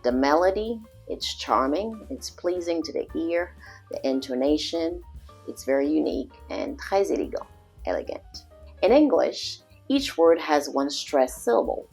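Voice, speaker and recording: A woman teaching a language lesson, slowly demonstrating pronunciation. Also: deep voice, sing-song, darkish tone, husky, soft background music. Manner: slow, deliberate demonstration of pronunciation. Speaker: French teacher.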